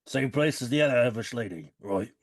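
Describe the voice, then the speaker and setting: Male player, husky and animated, stern in-character questioning. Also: mid-range voice, fairly quick, no room sound, studio quality. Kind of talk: in-character tabletop play.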